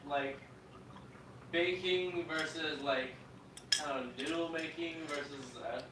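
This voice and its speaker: Low-voiced woman talking from across the room. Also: slow, very noisy. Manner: offhand, teasing asides. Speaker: host's partner off camera. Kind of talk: casual chat. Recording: roomy and distant off-camera pickup.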